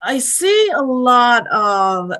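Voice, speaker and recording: Bright-voiced Irish woman. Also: on the high side, big pitch swings, very slow. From Ireland. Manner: chatty, laughs easily, playful. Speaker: guest realtor. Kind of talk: casual interview chat.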